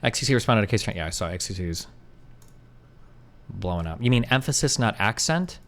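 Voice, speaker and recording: A man streaming live, chatting loosely with his audience and answering chat; he rambles, doubts himself out loud and swears casually. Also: lowish voice, lively intonation, fairly quick.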